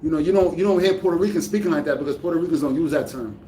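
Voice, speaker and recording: A man's voice: fairly high pitch, rapid-fire, mellow, a little hiss or hum. A man in a casual vlog, reflecting to camera with many fillers and restarts; he is from the United States. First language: English. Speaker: vlogger.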